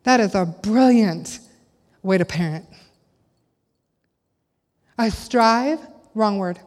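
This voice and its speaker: A woman's voice: mid-range voice, takes it slowly, darkish tone. A middle-aged woman giving a conversational sermon to a church audience, full of rhetorical questions. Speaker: speaker at a church gathering. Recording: long hall reverb.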